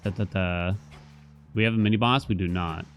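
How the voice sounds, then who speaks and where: A man's voice: low-pitched, steady tone, normal speed, a bit bright, faint music behind. A young man casually commenting on his gameplay, thinking aloud and chatting about his life between moves. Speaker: gaming streamer.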